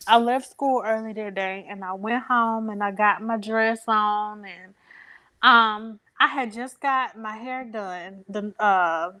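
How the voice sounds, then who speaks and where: A young woman telling a personal story as an interview guest, emotional and halting, with many pauses and fillers. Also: mid-range voice, steady tone, pushed and bright.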